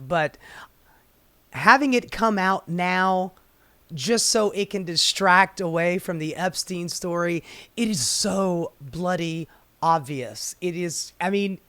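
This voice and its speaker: A man's voice: high-pitched, sharp tone, no room sound. A man hosting a sarcastic, profane political commentary, ranting and mocking. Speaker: commentary host.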